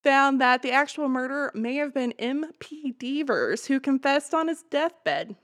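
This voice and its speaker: Chatty, higher-voiced woman podcast host. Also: animated, unhurried, a bit bright. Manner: chatty, swears freely, laughs between lines. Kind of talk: casual storytelling.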